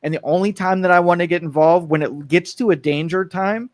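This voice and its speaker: A man co-hosting a local talk radio show in casual political talk, animated, acting out quoted voices and restarting often. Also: high voice, brisk, dry recording. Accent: Northeast Ohio. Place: radio studio.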